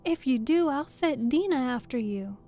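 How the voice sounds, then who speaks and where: Woman playing a prim young girl, thinking aloud, soft-edged mellow tone, slow. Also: a little high, soft background music. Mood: shouting threat. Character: curious polite young girl Alice.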